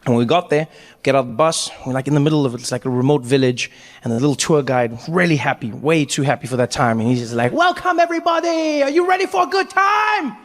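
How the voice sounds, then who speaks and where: A man from Africa doing stand-up comedy, telling a story in an animated way and jumping into acted voices. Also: mid-range voice, quick pace, long reverb tail.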